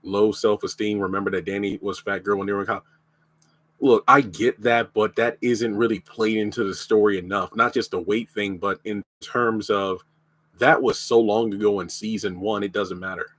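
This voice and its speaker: A man's voice: on the low side, steady tone, moderate pace, a bit bright, no echo. A man with a lingering cough, bluntly reviewing a TV show in a casual live stream. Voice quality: blunt, opinionated.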